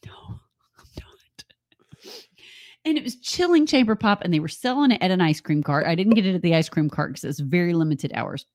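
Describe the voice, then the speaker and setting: A woman's voice: fairly low pitch, expressive, fast, hardly any pauses, a little mellow. A woman co-hosting a live stream, chatting and telling stories, laughing often. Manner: chatty storyteller, laughs often, says y'all. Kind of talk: casual chat.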